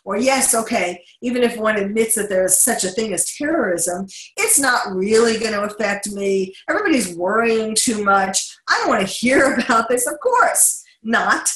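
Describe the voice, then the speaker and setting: A woman's voice: mid-range voice, lively intonation, moderate pace, few pauses, a bit bright, reverberant, low-quality recording. A middle-aged woman with a New York accent hosting a talk show, speaking earnestly with many fillers and restarts. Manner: earnest, with frequent fillers and restarts, occasional laughs. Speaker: host.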